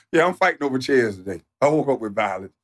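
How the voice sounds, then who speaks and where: A man streaming live, ranting off the cuff in a profane, mocking, animated way that sometimes turns to shouting. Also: medium pitch, fast. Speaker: livestreamer. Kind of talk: off-the-cuff livestream rant.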